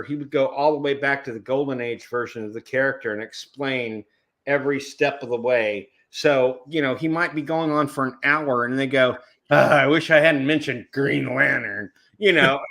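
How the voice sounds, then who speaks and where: A man chatting casually on a group video chat show, telling animated stories, acting out the people he quotes and often restarting his words. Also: medium pitch. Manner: self-interrupting, repeats words.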